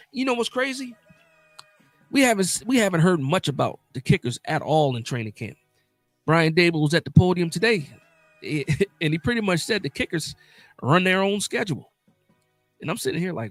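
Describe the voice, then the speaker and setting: A man hosting a live sports talk stream, animated and emphatic, who repeats himself to drive each point home. His voice sits high and the sound is close and dry, with faint music underneath. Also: normal speed, pauses often, dry recording.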